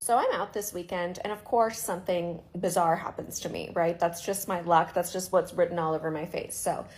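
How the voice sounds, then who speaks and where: A woman's voice: fairly low pitch, fairly even intonation, a little fast, a little mellow. Exasperated woman from Hyderabad ranting. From Hyderabad, India. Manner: exasperated, talks with lots of "like" fillers. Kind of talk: casual storytime rant.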